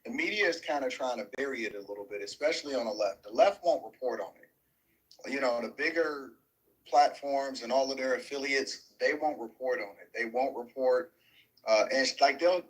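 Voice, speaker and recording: A man hosting, giving steady, opinionated commentary with some fillers. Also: medium pitch, a little fast, rough recording. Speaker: show host.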